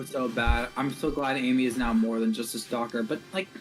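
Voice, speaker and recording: A man hosting a game stream in casual chat, animated, swearing constantly and laughing through his lines. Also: medium pitch, brisk, soft background music. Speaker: streamer and host.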